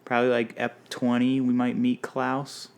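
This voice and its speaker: A man's voice: mid-range voice, completely flat delivery, normal speed, darkish tone, clear, resonant tone. Playful punning male podcast host. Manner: playful, punning, runs a quiz game. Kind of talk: casual chat.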